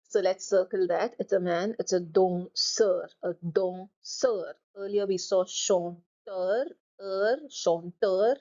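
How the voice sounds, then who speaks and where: Woman teacher going over words again and again, warm mellow voice, kinda muffled recording. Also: medium pitch. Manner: slow, drawn-out repetition of words. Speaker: French teacher. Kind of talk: classroom lesson.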